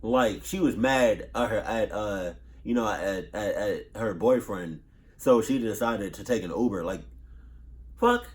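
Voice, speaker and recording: A man's voice: fairly low pitch, unhurried. A man doing casual reaction commentary, nervous, profane and rambling, repeating himself as he stutters over his words. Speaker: reaction youtuber.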